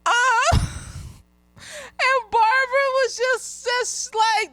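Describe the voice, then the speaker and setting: A woman's voice: very high voice, animated, unhurried, fairly bright tone, dry recording. A woman therapist giving a casual, candid episode review, swearing freely and laughing often. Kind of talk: casual tipsy review chat.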